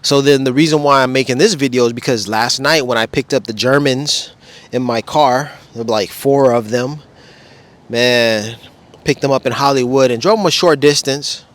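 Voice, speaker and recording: A man's voice: mid-range voice, normal speed. A man talking casually in a rambling, laid-back way with slang, vlogging outdoors. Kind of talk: casual vlog. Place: outdoors beside a wall display.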